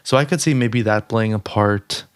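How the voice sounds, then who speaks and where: A young man talks through pop culture with his co-host in a relaxed, upbeat way, laughing easily and darting into asides. His voice sits on the low side. The recording is close and dry with no room sound. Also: moderate pace, clear, resonant tone, no room sound. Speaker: podcast co-host. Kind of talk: casual chat.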